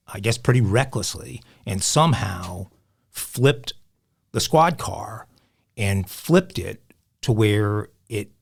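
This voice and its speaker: A man hosting a podcast, telling a news story with a somewhat low voice. He speaks conversationally, with frequent "uh" fillers between phrases. The delivery is easygoing. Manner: narrates news story, laughs easily, some fillers. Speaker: podcast host.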